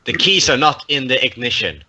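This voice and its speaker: A man playing a tabletop game, chatty and quick to laugh. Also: medium pitch, big pitch swings, sharp tone, slight background noise. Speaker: player. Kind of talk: casual tabletop play.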